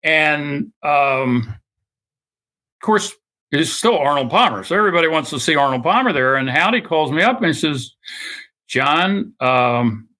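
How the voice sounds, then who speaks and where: Older male guest storyteller; bright, animated delivery with quoted voices. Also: a little high. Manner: anecdotal, acts out quoted voices, laughs often. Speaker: guest author. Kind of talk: storytelling interview.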